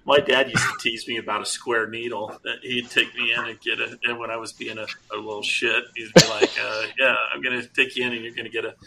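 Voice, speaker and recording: A man's voice: medium pitch, little pitch movement, fairly quick, creaky, hardly any pauses, bright, forceful tone, rough recording. A middle-aged man telling rambling, jokey stories about fatherhood on a podcast. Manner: rambling, self-interrupting, jokey. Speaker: podcast co-host. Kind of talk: casual storytelling chat.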